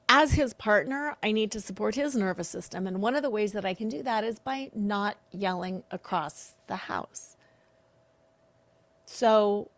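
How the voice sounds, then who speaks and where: Woman podcast host, fairly high voice, animated and earnest, very dry close sound. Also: dry recording. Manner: earnest, animated, acts out quoted lines. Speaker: podcast host and betrayal coach. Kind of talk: solo podcast talk.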